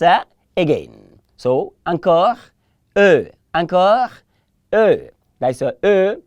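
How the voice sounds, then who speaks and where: A woman leads a televised French lesson in a low, animated voice whose pitch swings widely. She drills each word over and over and gently corrects learners who say it wrong. The sound is dry and close. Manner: patient drilling, repeats words for learners to echo; encouraging, gently corrects mispronunciations. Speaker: French teacher.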